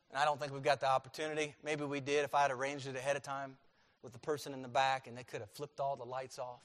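Man, pastor, sermon, emphatic, repeats phrases, loud-to-quiet swings, church sanctuary, long reverb. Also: on the high side.

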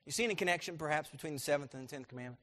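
A man preaching a sermon as pastor, asking his congregation questions and building to loud, emphatic peaks. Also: a little high, racing.

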